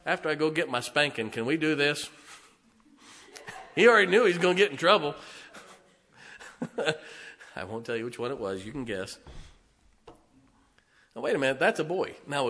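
A middle-aged male pastor preaching in a church, his voice bright and forceful as it rings through a long reverb. He jumps from emphatic outbursts to hushed, confiding asides and keeps chuckling between points. It sounds like an everyday congregation sermon. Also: mid-range voice. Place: church sanctuary.

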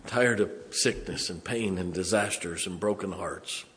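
Man, 60s, pastor, passionate sermon, low-pitched. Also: unhurried. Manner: impassioned preaching, swings from loud to hushed.

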